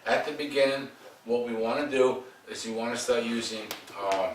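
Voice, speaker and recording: A man's voice: medium pitch, steady tone, moderate pace. A man working as a dog trainer, coaching owners at home in a direct, demanding, joking way. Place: home, indoors. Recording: roomy, distant, faint background noise.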